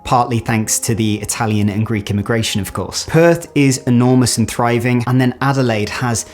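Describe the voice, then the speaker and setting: A man's voice: medium pitch, fairly even intonation, moderate pace, soft background music. A young British man, an actor and vlogger, narrating in a chatty, self-mocking way and stretching out the words he wants to stress. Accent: British English. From Britain. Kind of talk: scripted vlog narration.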